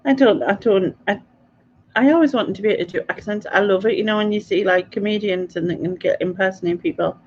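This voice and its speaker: A woman's voice: mid-range voice, quick pace. Giggly rambling woman on a lo-fi stream. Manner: giggly, rambling, laughs often. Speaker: co-host. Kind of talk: late-night livestream chat. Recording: slightly dull lo-fi sound.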